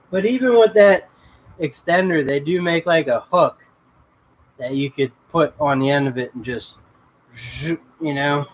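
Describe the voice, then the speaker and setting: Male livestream host, slow-talking, higher voice, rambling chat with viewers. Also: low-quality recording. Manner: laid-back, rambling, greets viewers by name. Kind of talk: casual livestream chat reading comments.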